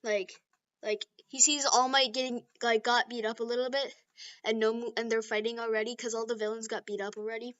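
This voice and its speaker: A woman's voice: a little high, little pitch movement, fairly quick, a bit bright. A woman casually retelling a fan-made story, rambling with lots of fillers, in a lo-fi recording. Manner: rambling, giggly, filler-heavy.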